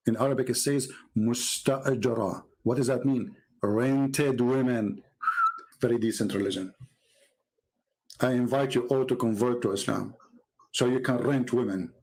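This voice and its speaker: A man giving mocking, sarcastic commentary as he reads from a website on screen. He swings from low mutters to sudden high exclamations. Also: lively intonation, a little slow, long pauses, darkish tone, rough recording. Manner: mocking and sarcastic, with exaggerated mock praise. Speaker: religious debater and commentator.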